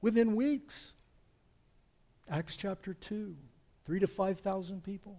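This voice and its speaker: A man's voice: high voice, fairly even intonation, moderate pace, darkish tone. A man preaching a sermon as pastor, earnest and building to emphatic swells.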